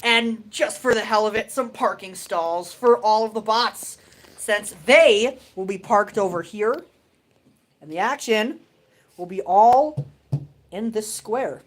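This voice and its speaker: A woman's voice: medium pitch, slow pace, rough recording. A woman hosting a casual livestream from a home tabletop setup, self-deprecating and chuckling often. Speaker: host of a toy robot fight livestream.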